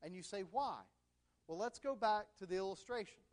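A man with a notably high voice delivers a sermon. He talks in an easy, conversational way, and he keeps illustrating his points with everyday stories from his own home and marriage. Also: lively intonation, moderate pace, darkish tone. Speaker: pastor.

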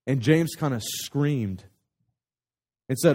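Man, pastor, sermon story, fairly high voice, animated, conversational restarts. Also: moderate pace.

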